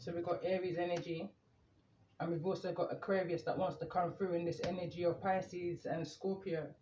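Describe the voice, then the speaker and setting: A man doing a calm, meandering tarot reading, reading the cards aloud as he draws them. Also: sits high, normal speed, a little hiss or hum. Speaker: tarot reader. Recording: echoey room, muffled lo-fi sound.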